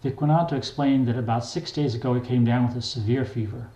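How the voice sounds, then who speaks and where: An older man reads his own memoir aloud in a plain, wry, unhurried way. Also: medium pitch, steady tone, mellow. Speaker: memoir reader. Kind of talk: memoir narration. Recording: echoey room.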